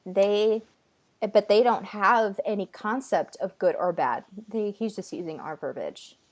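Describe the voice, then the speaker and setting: A woman in an interview, speaking as a medium who passes on what she is told. Her voice sits at a middle pitch, and her phrasing comes in slow, deliberate fragments with restarts. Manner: halting, measured phrasing in short fragments. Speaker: medium relaying messages. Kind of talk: interview answers.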